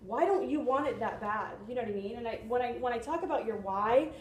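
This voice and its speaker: A woman's voice: fairly high pitch, quick pace. Chatty woman speaking in an echoey room. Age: young adult. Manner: chatty, often asks "you know what I mean?". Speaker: speaker at a sales training meeting. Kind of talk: motivational talk to a room. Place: meeting room.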